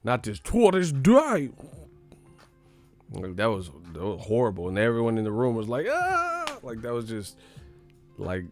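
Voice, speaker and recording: A man's voice: on the low side, steady tone, a little fast, a little mellow, faint music behind. Blunt, profane man ranting. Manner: blunt, profane, rambling with laughs. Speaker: boxing show host. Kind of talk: casual live commentary.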